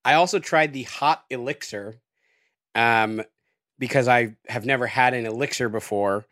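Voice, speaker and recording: A man's voice: mid-range voice, moderate pace, dry recording, clean studio sound. A man chatting as a podcast guest, rambling with lots of fillers as he describes a meal. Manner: relaxed, rambling with many fillers. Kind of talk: casual podcast chat.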